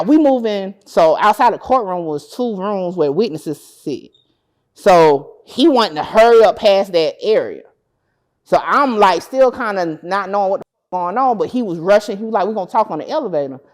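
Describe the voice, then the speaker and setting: A woman's voice: medium pitch, normal speed. A woman guest on an interview show who covers court cases, telling a story casually and acting out what people said, swearing freely. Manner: animated, acts out dialogue, swears freely. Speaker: interview guest, court-case content creator.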